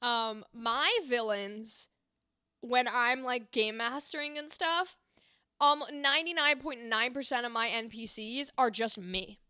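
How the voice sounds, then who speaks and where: A young woman voice actor chatting casually on a livestream, animated and explaining with demonstrations. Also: fairly high pitch, unhurried, clean tone, no echo, studio quality. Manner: animated, talks with her hands, explains with demonstrations. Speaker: streamer and voice actor. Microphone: desk microphone.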